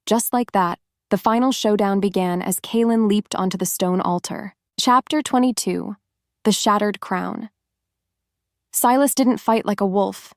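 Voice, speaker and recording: A woman reads a romance novel aloud in a steady, even way. Her voice sits at a middle pitch. The recording is dry and close. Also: measured pace, no echo. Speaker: narrator. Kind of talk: scripted audiobook narration.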